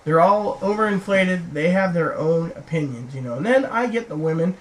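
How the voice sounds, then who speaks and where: A woman's voice: fairly low pitch, lively intonation, normal speed, low-quality recording. A woman vlogger rambling through personal stories, acting out what other people said. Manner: rambling, acts out quoted people. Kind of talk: rambling personal storytelling to camera.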